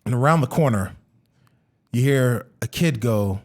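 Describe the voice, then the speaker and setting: A man narrating as dungeon master of a tabletop game, relaxed, with many fillers. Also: medium pitch, measured pace, long pauses.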